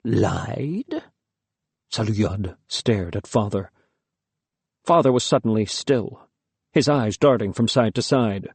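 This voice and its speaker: A man narrating a first-person audiobook in a measured, expressive storytelling manner. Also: on the low side, breathy edge, dry recording.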